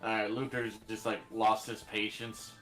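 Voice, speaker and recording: A man playing a tabletop game, talking in a relaxed way and laughing easily. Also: lowish voice, moderate pace, soft background music, low-quality recording. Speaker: player. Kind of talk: casual tabletop game chat.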